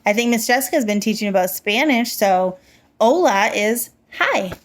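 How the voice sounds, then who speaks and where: A woman giving a slow, clear, encouraging lesson to young children, full of simple examples. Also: fairly high pitch, lively intonation. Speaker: teacher.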